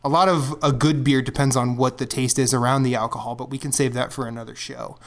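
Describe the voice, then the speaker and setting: A man's voice: mid-range voice, steady tone, fast. A man co-hosting a gaming podcast, chatting casually with many restarts and laughs. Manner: rambling, hesitant, laughs a lot. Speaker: podcast co-host.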